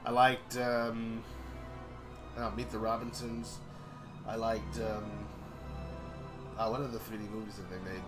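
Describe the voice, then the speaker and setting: A man's voice: on the low side, flat delivery, measured pace, long pauses. A young man chatting casually on a live stream, joking around and drifting into mock voices. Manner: jokey, breaks into silly sung bits and mock voices. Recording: music playing behind the voice.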